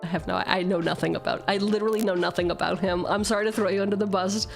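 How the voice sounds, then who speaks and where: Woman streamer, mid-pitch voice, playful and self-mocking, cursing casually, faint music underneath. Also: fairly even intonation, quick pace, creaky. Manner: playful, self-mocking, swears freely, jumps between jokes and reading. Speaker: streamer opening card packs. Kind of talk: casual live-stream chatter, reading card text aloud.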